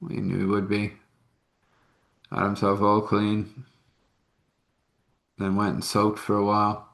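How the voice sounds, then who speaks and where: A man telling a personal story out loud in a halting, rambling way, with fillers and restarts. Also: fairly low pitch, monotone, vocal fry. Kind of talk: casual spoken storytelling.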